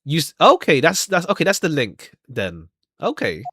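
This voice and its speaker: A man's voice: on the high side, huge pitch swings, normal speed, gravelly, a bit bright, dry recording, studio quality. A man casually commenting while reading through a game, chatty and rambling, laughing often. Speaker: streamer playing a game. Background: background music.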